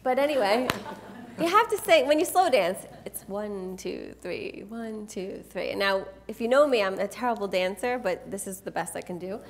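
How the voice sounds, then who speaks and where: A woman's voice: fairly high pitch, animated, fairly quick. A woman presenting a live workshop, teasing and directing volunteers in front of an audience. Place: event room with an audience.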